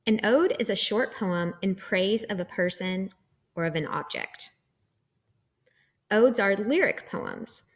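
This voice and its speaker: A woman teacher giving a recorded lecture, explaining terms patiently step by step. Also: mid-range voice.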